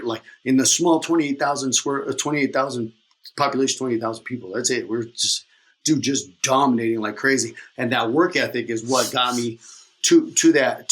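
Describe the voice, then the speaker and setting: A man in his thirties, a podcast guest, telling his story in a casual, energetic, rambling way with slang. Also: mid-range voice.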